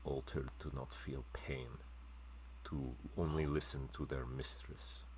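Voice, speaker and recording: A man running a tabletop game as game master, narrating in a measured, matter-of-fact way. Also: very deep voice, little pitch movement, a little hiss or hum.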